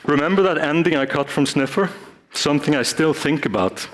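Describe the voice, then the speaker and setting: A man's voice: on the high side, a little fast, background noise. A man giving a live talk on stage, playfully acting out short scenes with volunteers from the audience. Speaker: speaker.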